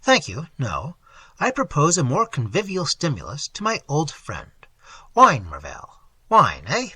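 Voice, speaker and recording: A reckless, worldly young gentleman home from his travels, played by a male reader. He speaks boldly and sardonically, in a bright, forceful voice with a husky grain. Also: on the high side, wildly swooping pitch, measured pace, no echo, exaggerated voice. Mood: boisterous. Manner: bold, sardonic.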